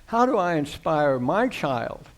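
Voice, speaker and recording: A man moderating a panel discussion, posing questions in a friendly, relaxed way. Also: on the high side, slow pace.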